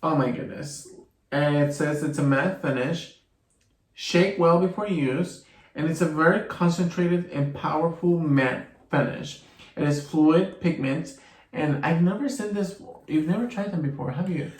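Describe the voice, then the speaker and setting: Easygoing higher-voiced man, echoey room. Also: measured pace. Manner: easygoing, reads product details aloud. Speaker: co-host of a beauty vlog. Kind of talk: casual chat.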